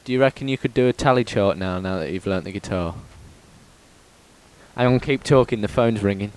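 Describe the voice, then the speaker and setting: A podcast host with a fairly low, smooth voice banters casually at a brisk clip. He jokes and laughs a lot, and his speech is full of ums.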